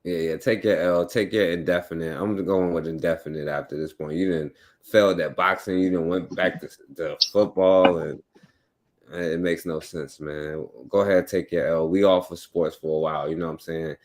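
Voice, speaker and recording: Deep-voiced man hosting loose chat. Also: steady tone, normal speed. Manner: loose, repeats "you know what I'm saying". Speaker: host. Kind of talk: casual podcast chat.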